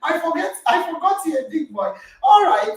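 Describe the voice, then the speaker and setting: A woman hosts a call with a very high, lively voice, acting out both sides of a story and laughing often. She sits back from the mic in a strongly echoing room. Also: a little fast, far from the mic, a little hiss or hum. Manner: animated storytelling, reenacting dialogue with laughter. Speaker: podcast host. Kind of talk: lively online group call chat. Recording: roomy echo, voice from off-mic.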